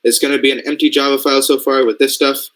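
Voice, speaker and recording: A fast-talking young man from Canada has a mid-range, slightly bright voice with little pitch movement, and the recording is low quality. As a robotics programming mentor, he teaches a casual coding lesson through screen share, reasoning aloud and checking frequently that listeners follow.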